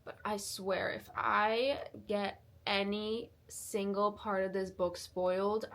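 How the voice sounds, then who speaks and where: A woman's voice: medium pitch, normal speed. Chatty young woman vlogging. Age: 20s. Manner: excitable, chatty, full of fillers. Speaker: reading vlogger. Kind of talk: casual vlog chat.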